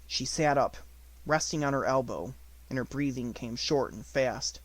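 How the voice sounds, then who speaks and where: A man reading an unabridged novel aloud as an audiobook narrator, with expressive storytelling. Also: mid-range voice, a little slow, dry recording.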